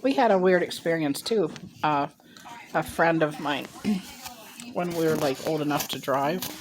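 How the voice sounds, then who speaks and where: A woman's voice: deep voice, measured pace, slight background noise. A woman in her sixties from Ohio, telling a rambling personal story to camera on a handheld phone, with chatty asides as she eats. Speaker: mukbang vlogger.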